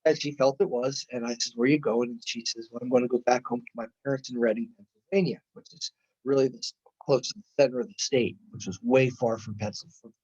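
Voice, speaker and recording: Husky guy lecturing, retelling a therapy case with all the back and forth, kinda dull lo-fi audio. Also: mid-range voice, fast talker. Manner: animated retelling with quoted dialogue. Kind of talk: storytelling lecture.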